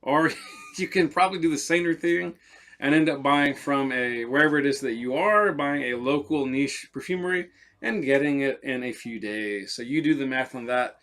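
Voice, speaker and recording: A man talking casually as a perfume reviewer, animated and rambling, often repeating his words. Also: mid-range voice, moderate pace.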